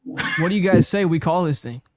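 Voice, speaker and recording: A man's voice: a little high, expressive, fairly quick, crowd noise. A man hosting a live sales practice session, chatting casually over a video call and swearing now and then. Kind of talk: casual chat.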